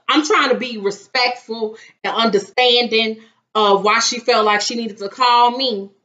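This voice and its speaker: A young woman, telling a story in casual, dramatic vlog chat. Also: a little high. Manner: animated, dramatic retelling with acted-out quotes. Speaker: vlogger. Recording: dull lo-fi sound.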